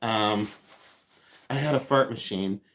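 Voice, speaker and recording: A man's voice: on the low side, slow pace, a bit bright. A man in his fifties hosting a casual livestream, joking with viewers by name and teasing himself. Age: 50s. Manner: playful, self-mocking, teasing viewers by name; hums and scats tunes. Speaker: livestream host. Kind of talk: casual live chat.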